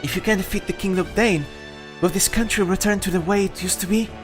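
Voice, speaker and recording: A gentle young princess who speaks softly and earnestly, as a man voices her. The voice is pushed up high. Game music is clearly audible behind her. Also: steady tone, fast talker, close to an everyday voice.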